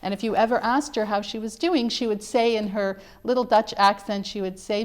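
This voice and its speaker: A woman's voice: medium pitch, fairly even intonation, a little fast, few pauses. A middle-aged woman, an author being interviewed, telling her family's story in an earnest, emphatic way. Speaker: author guest. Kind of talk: interview conversation.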